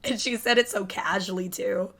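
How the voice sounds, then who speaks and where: Young woman, game streamer, chatty, jokey, casual commentary, middle pitch. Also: fairly even intonation, moderate pace, creaky, fairly bright tone. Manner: chatty, jokey, reading chat aloud.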